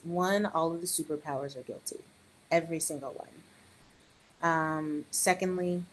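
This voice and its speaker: A middle-aged woman and early childhood educator, chatting on a podcast in an animated way with joking asides. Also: low-pitched, rough recording. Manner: animated, joking asides, quotes others in raised voice. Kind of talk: casual podcast conversation.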